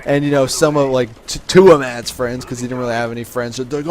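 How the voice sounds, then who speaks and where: A man's voice: medium pitch, brisk, few pauses. Swaggering young man telling a story. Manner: swaggering, profane, with filler words and restarts. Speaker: vlogger telling a life story. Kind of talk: casual storytelling to camera.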